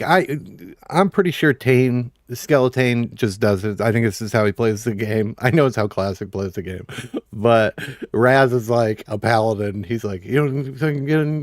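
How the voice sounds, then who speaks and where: A man's voice: medium pitch, no room sound, studio quality. A man streaming a game live, chatting casually with viewers, swearing a lot and laughing often. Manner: profane, laughing, rambling. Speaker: livestream gamer.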